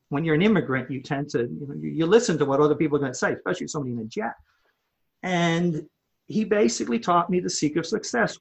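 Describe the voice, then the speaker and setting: A man guesting on a business podcast, recounting a story in a husky voice. His pitch rises and falls freely as he talks. The delivery is animated, with words repeated as he works toward the point. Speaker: guest, home improvement company owner.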